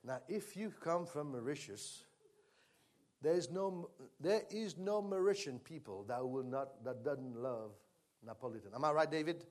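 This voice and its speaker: Preacher, man, high voice, talks to the congregation in a sermon, then leads loud fervent worship. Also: measured pace. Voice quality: speaks in tongues during worship. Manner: conversational, quiet teaching building to loud fervent worship leading.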